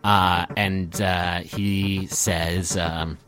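A man narrating as game master, halting with many ums and uhs. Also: sits low, little pitch movement.

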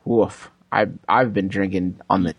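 A man's voice: sits low, steady tone, measured pace, slightly rough, dry recording. A man co-hosting a comedic podcast, joking and laughing often while reading and answering listener questions. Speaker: podcast co-host. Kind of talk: comedic casual chat.

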